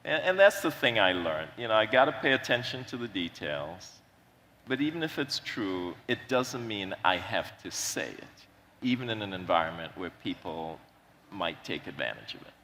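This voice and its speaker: Man, panel speaker, mid-pitched bright voice, reflective and halting; hall reverb, faint room hiss. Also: sing-song. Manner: thoughtful, candid, halting. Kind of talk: reflective onstage panel talk.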